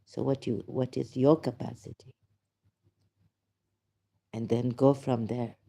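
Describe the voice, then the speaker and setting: Slow, low-toned man ranting emphatically. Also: flat delivery, creaky, warm tone. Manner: emphatic, indignant, halting with many fillers. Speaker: channel host. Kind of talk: rambling livestream monologue.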